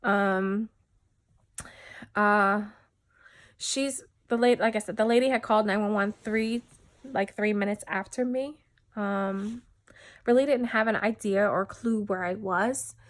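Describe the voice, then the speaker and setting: Halting, soft-spoken woman giving testimony. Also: mid-range voice. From New Jersey, USA. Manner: halting, many fillers and restarts, often drops soft. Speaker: widow giving a personal testimony. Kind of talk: personal testimony.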